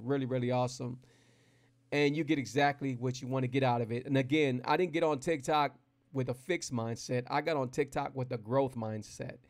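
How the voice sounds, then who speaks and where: A man coaching viewers on keto during a live stream, talking casually and energetically, rambling and repeating himself. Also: medium pitch. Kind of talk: live-streamed motivational talk.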